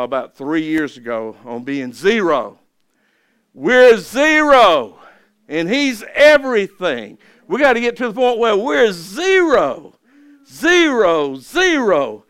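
A man's voice: fairly high pitch, clear, resonant tone, no echo. Man preaching in swelling bursts. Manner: swells loud on key phrases, drops soft at ends of lines; repeats words and restarts, folksy. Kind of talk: sermon.

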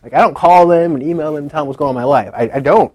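A man's voice: a little high, racing, darkish tone, no room sound. A man giving a casual personal testimony at a conference. He tells his story in a chatty way, acting out what other people said and using many fillers like "like".

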